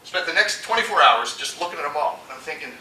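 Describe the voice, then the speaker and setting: A man giving a storytelling keynote talk, animated and acting out the voices he quotes. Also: on the high side, quick pace, slight background noise. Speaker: conference speaker. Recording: echoey hall from far off.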